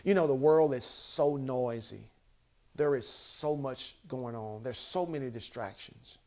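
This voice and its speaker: A man's voice: medium pitch, unhurried, a little mellow. A man giving an emphatic motivational talk, counting off his points one by one. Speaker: motivational speaker.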